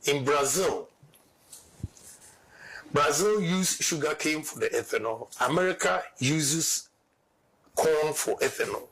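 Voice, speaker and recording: A man's voice: on the high side, slow, long pauses, a bit bright, husky. A man explaining figures step by step in a played clip. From Ghana.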